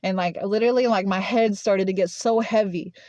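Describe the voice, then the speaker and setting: A woman's voice: mid-range voice, fairly even intonation, brisk, a little mellow, no room sound. A young woman telling a personal story casually, rambling and full of "like" fillers. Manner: rambling, filler-heavy with constant "like". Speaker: vlogger.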